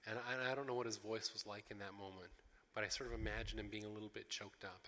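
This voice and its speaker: A man preaching a sermon as pastor, expressive, acting out the voices of the people in the story, with frequent restarts. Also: fairly low pitch, rapid-fire. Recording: long reverb of a large hall.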